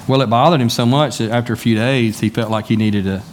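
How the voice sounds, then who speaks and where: A man's voice: mid-range voice, fairly even intonation, quick pace, a little hiss or hum. Folksy man preaching a conversational sermon. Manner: conversational, folksy storytelling with acted-out dialogue. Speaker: pastor. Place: church sanctuary.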